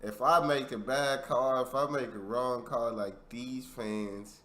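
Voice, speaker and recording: Brief: lively male reaction host, bright tone, echoey room. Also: medium pitch, unhurried, few pauses. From United States. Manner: animated, exclaiming. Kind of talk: casual reaction commentary.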